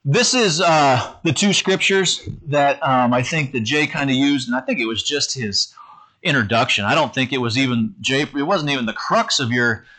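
Man, middle-aged, pastor, conversational sermon, halting delivery with repeated words, bright tone. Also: mid-range voice.

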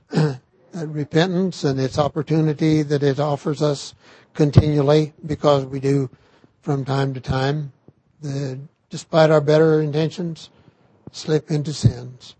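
An older man giving a sermon on scripture, slow and halting with frequent restarts. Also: on the high side, little pitch movement, warm tone, husky, dry recording. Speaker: scripture teacher.

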